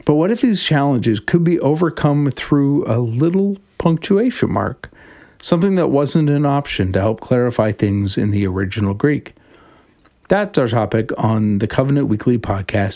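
A man hosting a devotional podcast, teaching on Scripture in a measured, reflective way and reading passages slowly. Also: mid-range voice, lively intonation, mellow. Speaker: podcast host.

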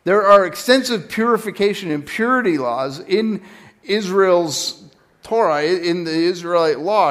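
A man's voice: high voice, a bit bright. A man preaching a sermon in a conversational teaching style, often stopping to correct himself. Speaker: pastor.

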